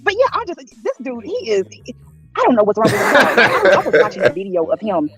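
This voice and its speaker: Fast animated woman, husky lo-fi audio. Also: a little high, faint music behind. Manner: fast, animated, full of fillers. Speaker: panel guest. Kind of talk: casual heated chat. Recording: dry, dull lo-fi stream audio.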